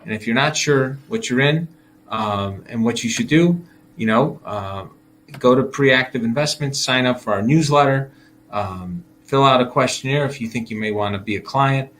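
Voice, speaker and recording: A man talks through the market in a relaxed, chatty commentary, the way a financial advisor speaks to his viewers. His voice sits at an ordinary middle pitch, and he keeps slipping into fillers and soft chuckles. A faint noise runs under the recording. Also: normal speed. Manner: chatty, laughs while acting out investors' thoughts.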